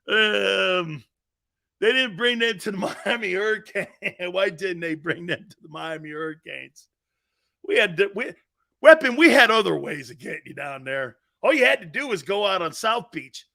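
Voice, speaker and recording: A middle-aged man from Connecticut hosting a sports talk show, telling stories loudly, laughing and acting out the voices of people he quotes. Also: high-pitched, big pitch swings, moderate pace, creaky.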